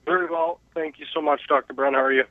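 A man's voice: a little high, steady tone, quick pace, no room sound. A man calling in to a radio show, asking his question politely and a little hesitantly. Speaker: caller. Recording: tinny phone line.

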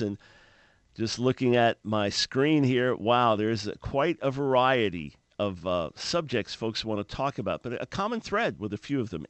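A man's voice: medium pitch, no room sound. A man hosting a religious radio talk show, speaking in an emphatic preaching manner and often repeating words as he starts a phrase.

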